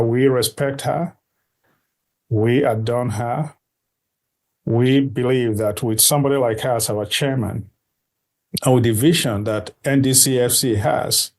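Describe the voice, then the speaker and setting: A man answering interview questions at an unhurried, steady pace. He lays out his points deliberately and circles back to repeat key phrases so they stick. His voice sits at an ordinary male pitch. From Nigeria. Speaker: guest, diaspora organization board member.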